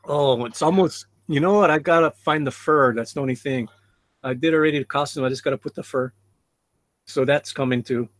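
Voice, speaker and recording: A man's voice: on the high side, brisk, dry recording. A man hosting a casual live stream, laughing often and reading out chat comments.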